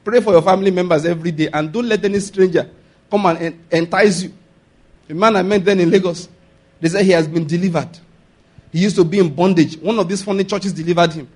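A Nigerian-accented man preaching a sermon, animated, laughing often and asking the congregation if they follow. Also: sits high, fast.

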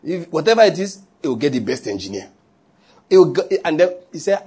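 A man's voice: fairly high pitch, sing-song, a little fast, warm tone, breathy edge. A man with a Nigerian accent, a pastor preaching a sermon in a joking, conversational way with pidgin asides.

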